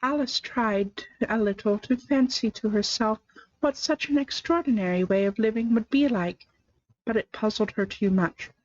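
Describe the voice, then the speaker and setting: Expressive woman reading a storybook aloud. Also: a little high, moderate pace, dry recording. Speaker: storybook reader. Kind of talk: scripted narration, live reading. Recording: dry, slightly muffled lo-fi sound.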